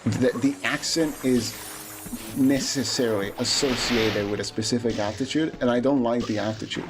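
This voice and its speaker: An Italian-accented man chats through a speedrun stream, mulling over his opinions with frequent restarts. His voice sits at an ordinary middle pitch. Game music plays clearly behind him. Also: steady tone, normal speed. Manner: musing, opinionated, hesitant with restarts. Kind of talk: casual chat while gaming.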